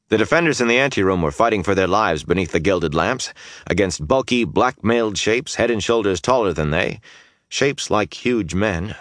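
A man's voice: fairly low pitch, a bit bright, dry recording, studio quality. A man narrating a fantasy audiobook with intense, dynamic storytelling that swells through the battle scenes.

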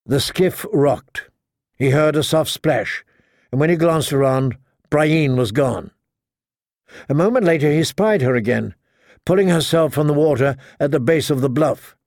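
A man narrating a story as an audiobook reader, in a steady, measured reading style. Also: on the high side, no room sound, studio quality. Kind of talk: scripted narration.

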